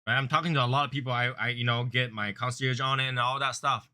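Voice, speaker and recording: A man's voice: fairly even intonation, fast. A man hosting a cigar review channel, talking casually and earnestly, rambling and repeating himself, sometimes raising his voice to act out angry callers. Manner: grows louder and higher when acting out angry callers. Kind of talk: casual chat.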